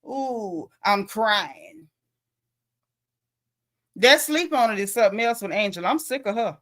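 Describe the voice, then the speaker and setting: Woman with a high voice, reality show recap host, gossipy, acts out the quotes. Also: animated, quick pace, fairly bright tone. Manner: chatty and gossipy, acting out cast quotes. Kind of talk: casual show recap commentary.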